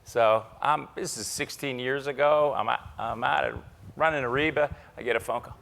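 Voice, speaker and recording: A man's voice: mid-range voice, normal speed, gravelly. A man from Ohio, a company CEO, telling stories as the guest of an on-stage keynote interview. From Ohio, USA. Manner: animated storyteller.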